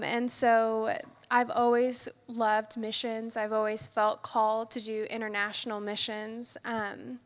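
A young woman tells her story to a church in an earnest, halting way, full of little fillers and asides. Her voice sits high and bright. It carries with a long reverb, as if heard in a big hall. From United States. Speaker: medical student sharing a testimony. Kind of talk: church testimony.

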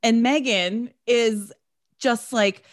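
A woman's voice: fairly high pitch, slow, dry recording, studio quality. A woman co-hosting a casual podcast, recapping a movie with sarcasm and swearing, acting out the characters' lines. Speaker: podcast co-host.

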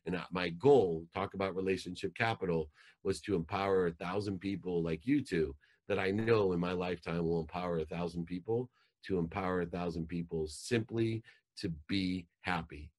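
A man telling an emotional personal story as a podcast guest, growing animated as he relives it. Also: sits low, moderate pace.

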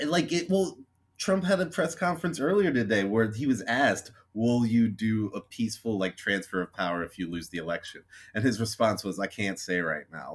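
Young guy on a podcast, really low voice, pissed off, swears a lot, sarcastic sorry's. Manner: frustrated ranting, swearing, apologetic sarcasm. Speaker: podcast co-host. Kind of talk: casual chat.

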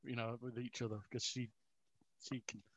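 A man's voice: mid-range voice, flat delivery, moderate pace, fairly bright tone. A middle-aged man in a casual chat, rambling with restarts, self-mocking and often chuckling. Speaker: interview guest. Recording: dull lo-fi recording.

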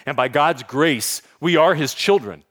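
A man preaching a sermon in a church, dropping to hushed emphasis and building to loud, announcer-style peaks. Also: on the high side, lively intonation, a little slow. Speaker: pastor. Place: church in Sacramento.

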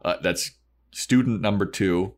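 A man's voice: low-pitched, a little slow. A man co-hosting a podcast, casually recapping a TV episode and acting out characters' lines. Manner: retells scenes, acting out lines. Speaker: podcast co-host.

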